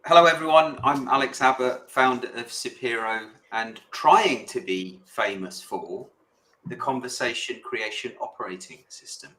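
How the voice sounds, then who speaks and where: A man's voice: medium pitch, normal speed, sharp tone. A man introducing himself as a founder on a panel, friendly and chatty. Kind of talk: casual chat. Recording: echoey room.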